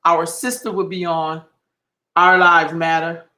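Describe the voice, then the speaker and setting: A man's voice: a little high, little pitch movement, a little slow, sharp tone, echoey room. A man hosting a livestream, delivering an impassioned, heated monologue full of profanity and emphatic repetition. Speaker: livestream host.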